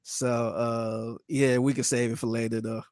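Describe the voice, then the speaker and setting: A man's voice: mid-range voice, flat delivery, a little slow, darkish tone, no room sound, studio quality. A man co-hosting a podcast, telling casual stories with slang and frequent laughter. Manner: chatty storyteller, laughs often, casual slang. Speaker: podcast co-host.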